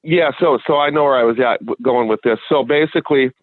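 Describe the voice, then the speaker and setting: A man from Washington State, a guest in an interview, telling a long rambling story with halting restarts. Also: mid-range voice, no echo. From Washington State, USA. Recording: dry, tinny phone line.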